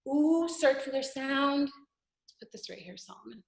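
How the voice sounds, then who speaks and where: A woman as instructor leading a guided breathing and vocal exercise, giving calm step-by-step instructions between long sung vowel tones. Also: high voice, measured pace, gravelly. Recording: roomy echo.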